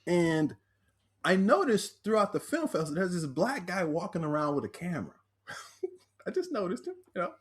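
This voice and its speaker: Man, podcast guest, storyteller, lively swooping pitch, a bit high. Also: moderate pace, breathy edge. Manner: animated storyteller acting out quoted voices. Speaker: guest, speaker and author.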